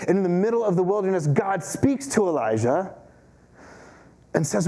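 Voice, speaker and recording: Storytelling rabbi, a man, slightly high. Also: very animated, normal speed, dark tone. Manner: storytelling, self-mocking, acts out quotes. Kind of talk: sermon. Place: synagogue chapel.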